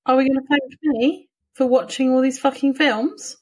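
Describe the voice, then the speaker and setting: A woman with a slightly husky voice banters through a casual podcast chat. She is sarcastic and teasing and swears freely. Her delivery stays loose and conversational. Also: sits high, fairly even intonation, normal speed, a little mellow, poor audio. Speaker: podcast co-host.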